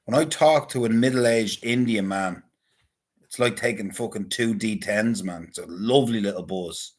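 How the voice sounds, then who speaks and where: A man's voice: lowish voice, normal speed. A man in a casual, rambling monologue, talking crudely and swearing often. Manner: crude, profane, rambling banter. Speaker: vlogger.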